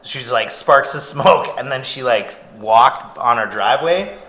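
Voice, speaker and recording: A man co-hosting a podcast in casual comedic chat, a loud, rambling storyteller who laughs often. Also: medium pitch, lively intonation, unhurried. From Vancouver, Canada. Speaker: podcast co-host. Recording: roomy echo.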